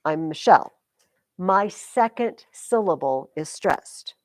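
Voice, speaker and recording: A woman's voice: medium pitch, animated, measured pace, no echo. Chatty woman teaching a class. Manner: chatty, explains with sing-song rhythm examples. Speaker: high school English teacher. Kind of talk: classroom lecture.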